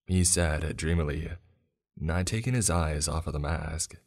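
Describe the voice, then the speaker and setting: A man reading a first-person horror story as scripted narration, in a steady, measured storytelling manner. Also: rumbling low.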